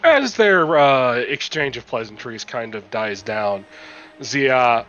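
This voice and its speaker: A man narrating as game master, describing the scene with frequent ums and throat clears. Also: medium pitch, expressive, slow pace, a bit bright, muffled recording, faint music behind.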